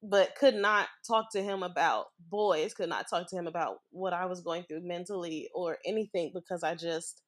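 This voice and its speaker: A woman's voice: on the low side, fairly even intonation, normal speed, hardly any pauses. A young woman from the US Midwest, a podcast guest, telling a personal story in a frank, informal way and laughing through hard memories.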